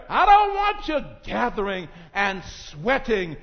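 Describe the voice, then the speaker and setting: Male pastor, high-pitched voice, preaching with wild swings from hush to shouts; dull, echoing church recording. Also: lively intonation, unhurried. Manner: preaching, swings from low murmurs to shouted climaxes, calls on congregants by name. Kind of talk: sermon. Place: church sanctuary.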